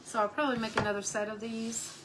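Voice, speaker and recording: A woman with a fairly high voice talks casually on a live stream from home about her painting. She chats easily with viewers and keeps cooing at her dog. A faint background hiss runs underneath. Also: little pitch movement, fast talker. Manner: chatty, coos at her dog between crafting talk.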